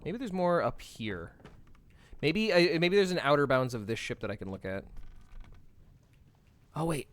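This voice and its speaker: A man's voice: fairly high pitch, sing-song, measured pace, pauses often. A man streaming a game, thinking aloud in a playful, rambling way and swearing casually as he talks to chat.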